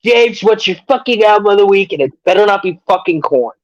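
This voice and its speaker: A man's voice: high voice, animated, fairly quick, no echo, highs cut off. Give me a man with a dry, close sound, cursing and rambling jokily as a podcast co-host. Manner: profane, rambling, jokey. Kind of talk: casual podcast chat.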